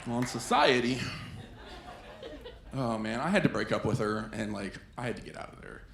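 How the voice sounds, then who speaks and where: A man's voice: mid-range voice, moderate pace, creaky. A man performing a stand-up comedy set on a club stage, telling stories and acting out quoted voices. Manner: animated storytelling with quoted voices. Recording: echoey club with faint ambience.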